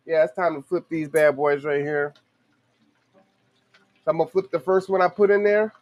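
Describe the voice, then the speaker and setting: A man chats casually as he cooks in his home kitchen, his voice sitting a little on the high side. He tells stories in a relaxed, slangy way and talks straight to his viewers. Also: moderate pace, long pauses. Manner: relaxed, chatty storytelling with slang. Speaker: home cooking show host. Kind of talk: casual cooking vlog with stories.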